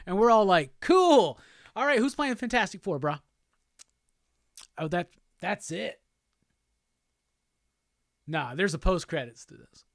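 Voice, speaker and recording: A man's voice: high-pitched, big pitch swings, unhurried, creaky, long pauses, fairly bright tone, no echo, clean studio sound. A man hosting a live show, chatting loosely and profanely while reading viewer comments aloud. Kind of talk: casual livestream chat.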